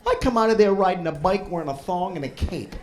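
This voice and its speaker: A high-pitched, expressive man talks fast in a very noisy clip, doing a crude, teasing stand-up set full of crowd work with a hint of New in his speech. The comedian is brash and crude, needling the audience from a comedy club stage as the crowd laughs.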